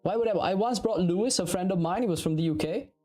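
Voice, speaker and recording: A man in his thirties from Italy with an Italian accent, chatting casually and profanely while streaming game development, rambling and animated. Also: high voice, fast talker, faint music behind. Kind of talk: casual livestream chat.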